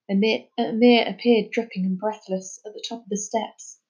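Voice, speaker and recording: In a muffled lo-fi recording, a woman reads a children's chapter book aloud with a clear, measured storytelling manner. Her mid-range voice has a dark tone and a flat delivery.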